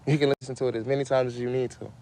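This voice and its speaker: A man's voice: medium pitch, level tone, rapid-fire, dark tone. A man hosting a casual livestream, rambling and cursing as he talks straight to his viewers. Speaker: livestream host.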